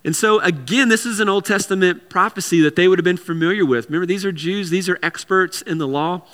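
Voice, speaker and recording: A man's voice: high voice, quick pace, a bit bright, big-room sound. A man preaching a sermon in a conversational way, with repeated words and casual asides. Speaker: pastor.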